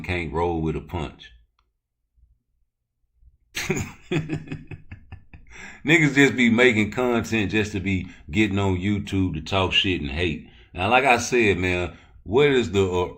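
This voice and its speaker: A Baltimore-accented man hosts a live boxing talk stream, rambling loosely and cursing as he answers his chat. His voice sits low and sounds a bit bright.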